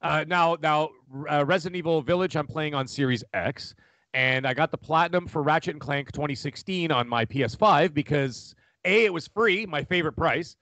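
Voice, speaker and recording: Man, forties, podcast co-host, animated rambling, slightly high voice, dry close mic. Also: normal speed, no echo. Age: 40s. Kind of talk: casual chat.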